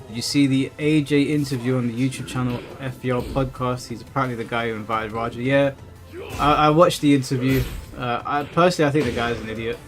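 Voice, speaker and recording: A man's voice: mid-range voice, fast, soft background music. A man hosting a gaming livestream, chatting bluntly and profanely with viewers. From England. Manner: blunt, profane, animated retelling. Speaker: livestream host. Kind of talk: casual chat reading viewer messages while gaming.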